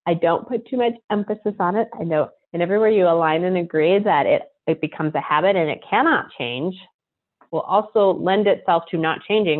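A middle-aged woman giving a chatty talk on dog behavior, now and then murmuring repeated clearing phrases quickly and low. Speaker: animal behavior consultant. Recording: tinny phone-like line.

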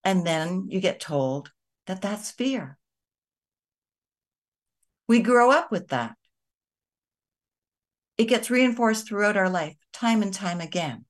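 A woman hosting a show, talking to her viewers in a gentle, conversational way. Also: mid-range voice, lively intonation, takes it slowly, pauses often. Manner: gentle, conversational, with soft emphatic asides. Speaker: host of a kindness and energy show. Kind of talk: reflective spoken talk to viewers.

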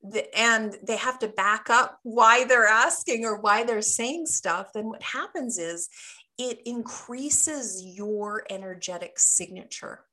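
A middle-aged woman hosting a radio talk show as a business coach, chatting in a lively, storytelling way. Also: a little high, slow. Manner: chatty, animated storytelling with acted quotes.

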